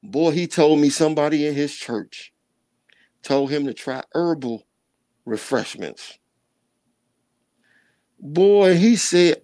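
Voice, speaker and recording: A middle-aged man telling a personal story on a podcast in animated street slang, sometimes scatting sound effects. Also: fairly high pitch, slow, pauses often, dry recording. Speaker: podcast guest. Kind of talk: casual storytelling.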